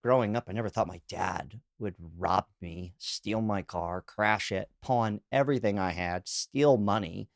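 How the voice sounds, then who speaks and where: A man's voice: fairly low pitch, measured pace, vocal fry, hardly any pauses, no echo, clean studio sound. A man hosting a podcast, talking through read-out comments in a loose, candid, rambling way, full of "you know" and "like". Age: adult, calls himself too old. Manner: laughs while telling anecdotes. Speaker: podcast host. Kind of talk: casual solo monologue, reacting to read-out comments.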